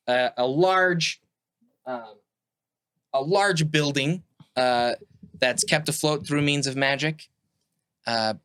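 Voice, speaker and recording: Game master, male, mid-pitched, halting narration with fillers, dry close sound. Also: a bit bright, clear, resonant tone, dry recording. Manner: halting, many fillers and restarts.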